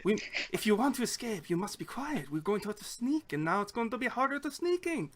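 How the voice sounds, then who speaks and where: A man voicing a disguised shapeshifting woman who gives hushed, commanding orders in a tabletop game. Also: high-pitched, very animated, brisk, noisy background, pitched above the performer's own voice. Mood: hushed urgent.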